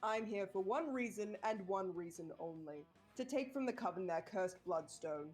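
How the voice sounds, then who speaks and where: A cold, dramatic young villain, read out by a woman with a husky edge. He speaks in flat, melodramatic menace, over faint music. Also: mid-range voice, normal speed, lightly acted. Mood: menacing. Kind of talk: reading game dialogue aloud.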